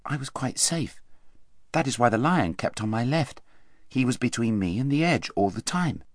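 An anxious, earnest young boy murmurs his fears under his breath, as a man reading the story puts him on. His pitch rises and falls in lively swings. The sound is close and dry, with no room around it. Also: moderate pace, dry recording, close to an everyday voice. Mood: relieved. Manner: hushed, murmured thoughts.

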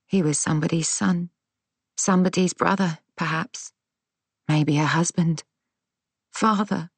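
A woman narrating a first-person audiobook in a measured, tense, dramatic way. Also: fairly low pitch, fairly even intonation, dry recording.

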